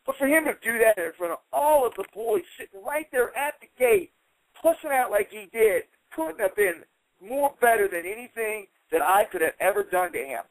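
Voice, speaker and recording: A man with a fairly high voice tells a story in an interview, acting out the quotes with rising heat. The sound is dry and close, with no room echo. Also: normal speed, vocal fry. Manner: animated, heated retelling with acted-out quotes. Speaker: interview guest, former fighter.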